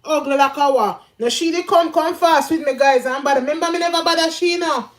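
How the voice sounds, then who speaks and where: A woman's voice: sits high, fast. A middle-aged Jamaican woman ranting and scolding in heavy patois, talking casually to her viewers.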